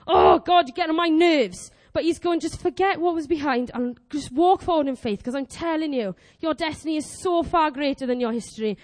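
Young female preacher, twenties, very high voice, animated and exclamatory delivery. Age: 20s. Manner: animated, exclamatory, acts out quoted prayers. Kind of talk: lively sermon.

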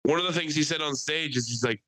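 A young man co-hosting a podcast in casual chat, an animated, rambling storyteller who swears freely. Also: on the high side, quick pace, dry recording, rough recording. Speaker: podcast co-host.

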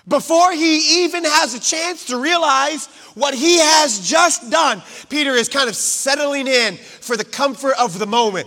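High bright-voiced male preacher, reverberant hall. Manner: dramatic swings from loud to hushed, acting out quotes. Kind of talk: sermon.

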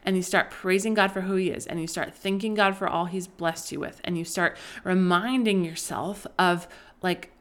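A woman's voice: on the low side, steady tone, normal speed. A young adult woman hosting a faith-based podcast for moms, talking in an earnest, rambling way with many restarts and "like"s. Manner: earnest, rambling, self-correcting, frequent "like". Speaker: podcast host.

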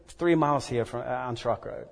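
A man preaching a sermon and telling a personal story, earnest and halting, often repeating words. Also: medium pitch, vocal fry. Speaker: pastor. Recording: echoey hall reverb.

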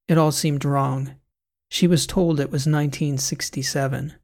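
A man giving scripted, measured narration of a sci-fi audiobook. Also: on the high side, fairly even intonation, a little mellow.

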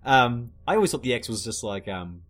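A man's voice: mid-range voice, expressive, a little fast, a bit bright. Playful man running a quiz. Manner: laughing, playful, quizzing. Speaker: podcast co-host, quizmaster. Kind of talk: casual podcast quiz chat.

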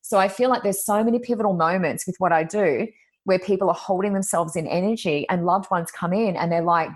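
Speaking on the low side and a bit quickly, a woman who works as a psychic medium tells stories in a relaxed interview. Her chatty delivery is packed with "you know" fillers, and she performs other people's quotes.

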